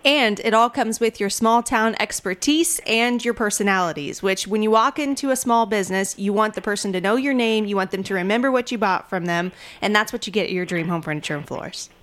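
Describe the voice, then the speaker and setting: A woman's voice: medium pitch, a little fast, hardly any pauses, fairly bright tone. A woman hosting a sponsored radio interview, upbeat and promotional.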